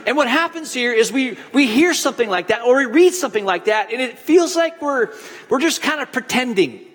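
A pastor delivering a conversational sermon, telling stories with frequent restarts. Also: male voice, extremely high pitch, expressive, fairly quick, fairly bright tone, in a large hall. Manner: conversational storytelling preacher with restarts.

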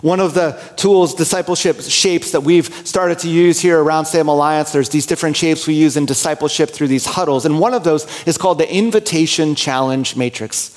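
A male pastor giving a sermon in a relaxed, conversational tone. His voice sits a little higher than most men's, and he slips into quick quoted prayers and inner asides as he speaks. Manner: conversational, candid, acts out inner dialogue and prayers.

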